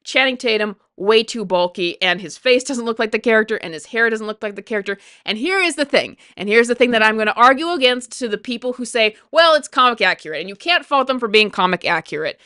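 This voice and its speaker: A woman giving an opinionated, indignant commentary, animated and repeating herself as she argues. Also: on the high side, fast talker, hardly any pauses, clear, resonant tone, no room sound. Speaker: YouTube commentator. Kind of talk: opinionated reaction rant.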